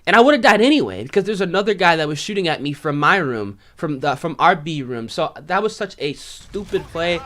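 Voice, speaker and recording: A man's voice: fairly high pitch, expressive, brisk, hardly any pauses, fairly bright tone. A man giving casual, self-critical commentary over his own gameplay, often saying "man" and "you know.". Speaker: gaming video creator.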